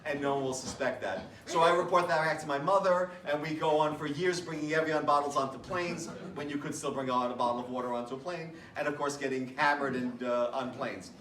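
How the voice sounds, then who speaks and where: A man's voice: fairly high pitch, steady tone, brisk, few pauses, a bit bright, recorded from a distance. A middle-aged man, the son of the departed, gives a toast at a memorial gathering. He talks in a chatty, self-mocking way, laughs through his funny stories and sometimes falters with emotion. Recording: echoey room, speaker away from the mic, background noise.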